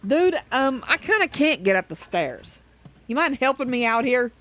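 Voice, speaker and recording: A woman's voice: high voice, very animated, normal speed, fairly bright tone. A woman playing a video game and commenting casually, swearing often and scolding her cat between remarks. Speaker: gameplay streamer.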